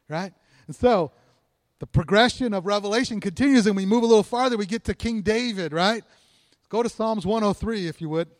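A man's voice: high-pitched, no echo, studio quality. A man preaching a sermon in a church, talking casually with the congregation, asking questions and chuckling often. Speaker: pastor. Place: church sanctuary.

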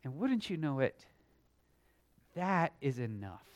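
A man teaching a Sunday school Bible lesson, earnest and emphatic, sometimes swelling loud and then dropping quiet. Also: medium pitch, very animated, takes it slowly. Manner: thinks aloud with small restarts.

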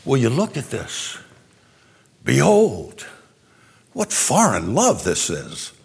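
A man delivers a sermon in a church, talking to the congregation in a loose, conversational way. His voice is a bit husky and sits at an ordinary middle pitch for a man. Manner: conversational preaching with asides and jokes. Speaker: pastor. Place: church sanctuary before an audience.

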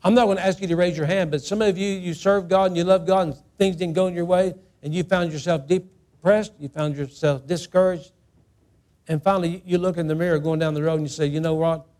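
A man's voice: high-pitched, steady tone, a little fast, darkish tone. A middle-aged male pastor preaching a sermon in church, emphatic and repetitive, acting out the quotes as he speaks. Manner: emphatic, repeats phrases, acts out quotes.

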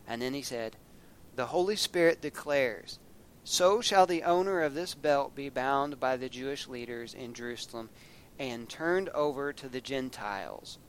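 A man's voice: medium pitch, unhurried, slight background noise. A man preaching a sermon, folksy and storytelling, acting out scenes with a raised voice.

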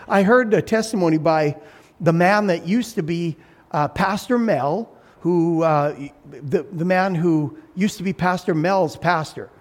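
A man preaching a sermon as pastor, animated, acting out voices and shouting for emphasis. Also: a little high, a little slow.

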